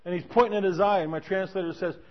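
A man with a notably high voice delivers a sermon as a lively story. He keeps restarting his sentences. The recording sounds dull and lo-fi. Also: fast. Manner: animated, with many restarts. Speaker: preacher.

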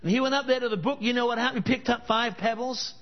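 A man with a very high, fast voice preaches at a church service, weaving stories and challenging the crowd with emphatic rhetorical questions. The recording sounds dull and lo-fi.

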